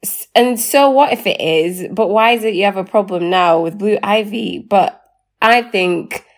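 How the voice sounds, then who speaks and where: A woman, co-hosting a casual chat, chatty and quick to laugh. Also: mid-range voice. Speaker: podcast co-host.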